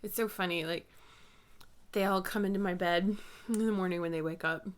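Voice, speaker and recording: A woman in her thirties hosting a knitting podcast, chatting casually and telling family stories in a warm-hearted way. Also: fairly low pitch, fairly even intonation, moderate pace, clean tone. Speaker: podcast host. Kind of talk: casual chat.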